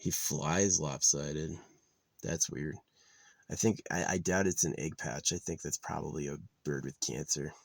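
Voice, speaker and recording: A man's voice: very deep voice, steady tone, unhurried, vocal fry, no echo. A man vlogging outdoors in a rambling, profane, casual monologue that trails off into mutters. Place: outdoors in nature.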